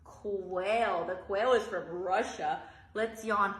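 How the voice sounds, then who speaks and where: An animated preschool teacher, a woman, reading a picture book aloud in a lilting sing-song voice and acting out big, drawn-out yawns. Between pages she gives other teachers practical tips. Her voice rings in a roomy, echoey space. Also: medium pitch. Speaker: early childhood teacher.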